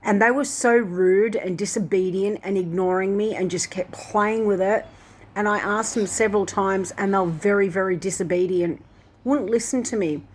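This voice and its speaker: Woman rambling through a dream account. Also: mid-range voice. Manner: rambling, many fillers like "like" and "and that". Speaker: Christian video host. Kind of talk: casual dream retelling.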